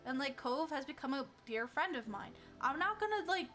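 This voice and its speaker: A woman's voice: high voice, big pitch swings, moderate pace, sharp tone, soft background music. A young woman streamer reading a story game aloud, chatting animatedly and giggling between lines.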